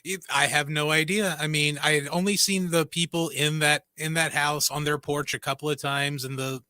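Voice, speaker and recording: A man co-hosting a radio show, telling a story in a relaxed way and chuckling. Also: fairly high pitch, no room sound. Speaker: radio co-host. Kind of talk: casual storytelling chat.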